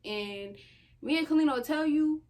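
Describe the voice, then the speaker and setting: A woman's voice: high-pitched, moderate pace, darkish tone. A young woman co-hosting a casual storytime chat, chiming in and laughing as she tells her side. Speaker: co-host.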